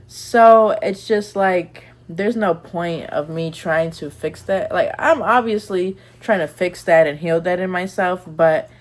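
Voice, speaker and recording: Young woman vlogger, low-ish voice, candid and chatty, loose rambling delivery. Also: unhurried, few pauses. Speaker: lifestyle vlogger. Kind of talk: casual advice chat.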